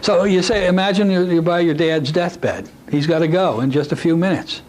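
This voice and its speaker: A man's voice: a little high, normal speed, darkish tone, a little hiss or hum, rough recording. A man teaching a hypnosis technique to a class in a folksy, conversational way, dropping in asides to the audience. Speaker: hypnosis instructor.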